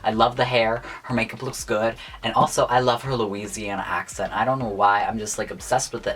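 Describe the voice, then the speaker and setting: This young man reviews contestants' looks for his YouTube channel, talking briskly in a medium-pitched, fairly bright voice and swinging between gushing praise and blunt judgments in a casual vlog style.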